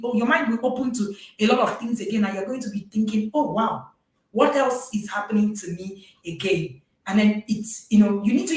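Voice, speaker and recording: A woman's voice: medium pitch, far from the mic. Woman, course host, emphatic and repetitive, set back from the mic in a very echoey room. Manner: emphatic, repeats herself for stress. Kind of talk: live-streamed course talk.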